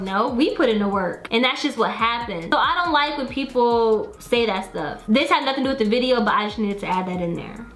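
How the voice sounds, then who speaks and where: A woman's voice: high-pitched, lively intonation, fairly quick, hardly any pauses, a bit bright. A young woman and mother talking earnestly on a casual vlog, defending herself and holding back tears. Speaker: YouTuber, mother of three. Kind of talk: emotional casual vlog talk. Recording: echoey room with faint music.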